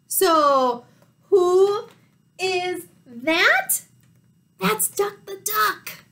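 A woman teacher reading a picture book aloud to young children, animated and full of gasps. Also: very high-pitched, extremely slow.

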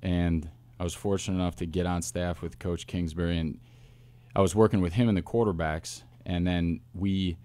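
A man, a football coach, telling stories in a casual interview with lively asides and restarts. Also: sits low, no room sound. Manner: animated storyteller, quick asides and restarts. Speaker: wide receivers coach, guest.

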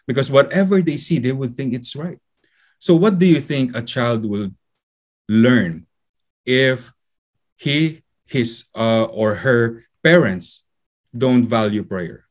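A man from the Philippines, preaching a sermon in a conversational, storytelling way with frequent fillers. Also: mid-range voice.

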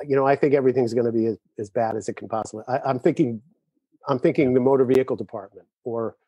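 A man's voice: mid-range voice, fast talker, dark tone, no room sound, muffled recording. A middle-aged man, a drummer guest, chatting casually over a video call and telling stories with frequent laughter. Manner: easygoing storyteller who laughs often.

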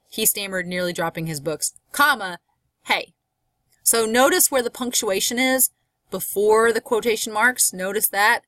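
A woman's voice: mid-range voice, sharp tone, no echo. A woman, a college English instructor, giving a recorded course lecture in a chatty, explanatory way, with frequent fillers and asides.

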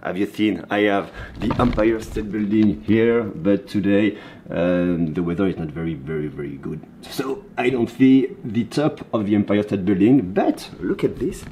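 A French man with a French accent, a tech vlogger chatting casually in halting English from a hotel room and a rainy street, laughing often. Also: fairly low pitch, dark tone, slight background noise. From France. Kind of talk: casual travel and tech vlog.

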